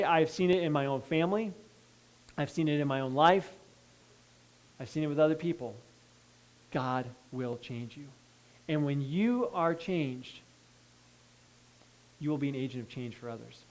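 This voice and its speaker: A male pastor preaching a sermon, reading scripture and breaking in with asides, moving between hushed pleading and loud emphasis. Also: a little high, poor audio. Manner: reads scripture then breaks in with asides and checks like "okay?".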